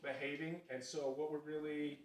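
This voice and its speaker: A man's voice: a little high, level tone, normal speed, recorded from a distance. A man working as a dog trainer, coaching a dog owner through commands in an easygoing way with many fillers. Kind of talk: instructing an owner during a training session. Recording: roomy sound from away from the mic, faint noise.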